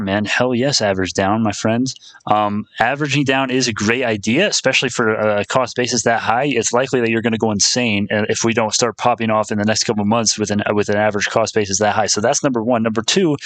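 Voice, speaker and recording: A man's voice: on the low side, a bit bright, dry recording. A young man chatting casually on a live stream about stocks, rambling, restarting his phrases and calling viewers "my friend".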